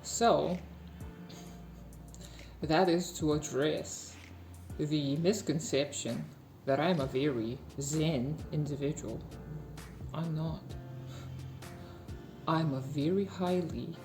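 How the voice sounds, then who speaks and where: A woman speaking slowly, softly and in a measured way, reflecting calmly in a personal video monologue. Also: low voice, reverberant. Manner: slow, soft, faint and measured. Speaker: video essayist.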